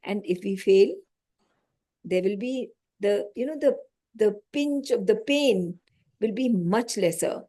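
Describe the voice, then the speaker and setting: Mellow-voiced woman teaching scripture. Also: medium pitch. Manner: explains slowly, repeats key phrases, asks the audience questions. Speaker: spiritual teacher. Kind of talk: lecture on scripture.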